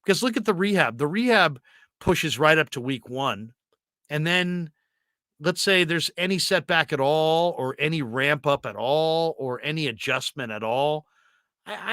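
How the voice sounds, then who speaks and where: A man hosting a casual sports talk show, animated and often restarting his sentences. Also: fairly high pitch, no room sound, studio quality. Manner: animated, self-interrupting storyteller.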